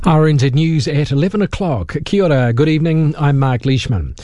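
A man reading a radio news bulletin in a crisp, formal way. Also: fairly high pitch, brisk, background noise. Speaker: newsreader.

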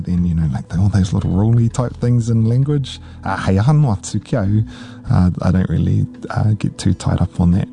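A young man with a Northland New Zealand accent talks in an easygoing, casual way, mixing Māori into his English. His voice sits low and sounds very dark and mellow. Faint music plays under him. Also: gravelly. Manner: relaxed, laughs easily, switches between English and Māori. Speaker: guest. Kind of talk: casual storytelling interview.

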